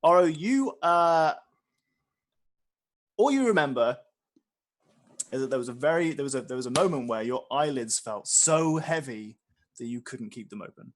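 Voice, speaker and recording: A man's voice: medium pitch, lively intonation, normal speed, long pauses. A man narrating as game master, rambling with many fillers and restarts. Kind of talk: narrating a tabletop game session.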